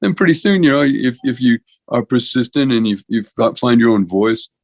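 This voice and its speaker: A man's voice: medium pitch, lively intonation, normal speed, no room sound, rough recording. Older man telling rambling stories. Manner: talkative, full of restarts and "you know". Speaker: podcast guest, veterinarian and comedian. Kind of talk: rambling conversational storytelling.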